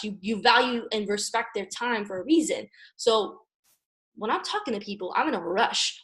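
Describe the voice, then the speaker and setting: A young woman from Maryland giving an energetic motivational coaching talk, repeating "guys" and "okay" and acting out phone calls. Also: mid-range voice, poor audio. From Maryland, USA. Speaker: network marketing team leader.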